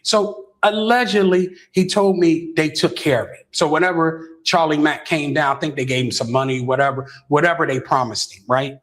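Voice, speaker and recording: A man's voice: normal speed, hardly any pauses, fairly bright tone. A middle-aged man telling a long story as an interview guest. He keeps checking in with "right?" and stumbles over restarts. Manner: keeps asking "right?" with frequent stammered restarts; shifts into a higher voice when quoting others.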